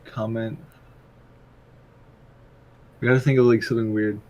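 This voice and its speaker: A man's voice: fairly low pitch, level tone, a little slow, darkish tone, lo-fi sound. A young man co-hosting a casual podcast chat, laid-back, laughing often and swearing casually. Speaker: podcast co-host.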